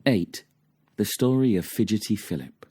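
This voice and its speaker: A man's voice: lowish voice, expressive, moderate pace, mellow, breathy edge, dry recording. A man reading old cautionary children's verse aloud in a dramatic, rhythmic recitation. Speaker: reader.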